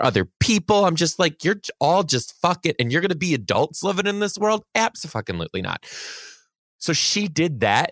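On a podcast, a young co-host who used to teach tells an animated story from those days, cursing and growing heated in casual storytelling conversation. His pitch is medium and his tone fairly bright, in a dry, clean studio recording.

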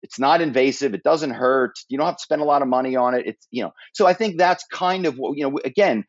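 A man in a podcast conversation tells his stories in a lively, chatty way, tossing in "you know" and "right?" as he goes. His voice sits at a middling pitch. The recording is dry and slightly muffled. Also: fast, no echo. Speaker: podcast guest, former corporate spy and author. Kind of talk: animated storytelling in conversation.

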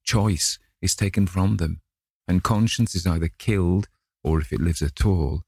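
A man narrating a classic novel in a measured way, lightly voicing the characters. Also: low-pitched, gravelly, husky, dry recording, clean studio sound. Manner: measured reading, gently voices each character. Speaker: audiobook narrator.

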